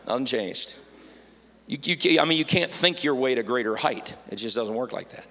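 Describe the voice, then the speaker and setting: A man preaching a lively, playful sermon to a church congregation, acting out worried voices for laughs. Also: medium pitch, brisk. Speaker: pastor. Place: church sanctuary. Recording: church hall with long reverb.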